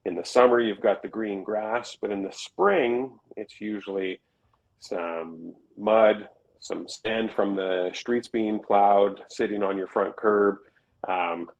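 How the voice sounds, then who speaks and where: A man's voice: on the low side, steady tone, takes it slowly, low-quality recording. A man co-hosting a podcast as a realtor, explaining things conversationally with everyday examples. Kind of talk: casual chat.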